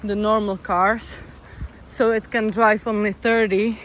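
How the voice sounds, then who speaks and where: An easygoing young hiker talks to a handheld camera in an unhurried, drawn-out way, tossing off dry, amused asides. Wind and passing traffic are clearly heard behind the voice. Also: medium pitch, little pitch movement, a bit bright, rough recording. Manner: chatty, easygoing, wry. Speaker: long-distance hiker, vlogger. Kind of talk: casual vlog talk while walking. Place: outdoors by a road in a town, windy. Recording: wind and traffic noise outdoors. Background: wind and passing vehicles.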